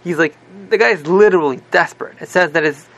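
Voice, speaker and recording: Gravelly, high-voiced male teacher saying "right?". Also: quick pace. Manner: animated, repeats "right?" constantly, many restarts. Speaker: religious teacher. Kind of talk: casual Torah class storytelling.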